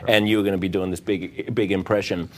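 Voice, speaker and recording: A man's voice: sits low, little pitch movement, fast. A man hosting a talk show, interviewing a guest in a dry, hesitant way.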